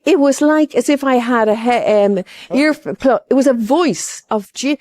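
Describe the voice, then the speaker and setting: A woman's voice: sits high, a little slow, darkish tone, no echo, studio quality. An older woman from Ireland giving a personal testimony as a pilgrim, rambling and heartfelt, with many asides.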